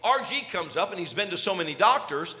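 A middle-aged pastor tells comic family stories with lively, playful delivery, acting out each scene. His voice sits a little high and sounds bright. It carries a long echo from a large hall. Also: fast talker. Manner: animated, jokey, acts out scenes. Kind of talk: storytelling sermon intro. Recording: echoey hall reverb.

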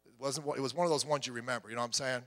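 A man in his fifties preaching a sermon, telling stories with animated voices and swinging from loud to hushed. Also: medium pitch, racing. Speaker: pastor. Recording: long hall reverb.

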